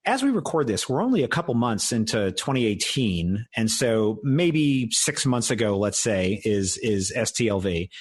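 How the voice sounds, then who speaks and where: A man's voice: mid-range voice, husky. A man hosting a podcast interview, upbeat and enthusiastic. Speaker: podcast host. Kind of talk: casual interview.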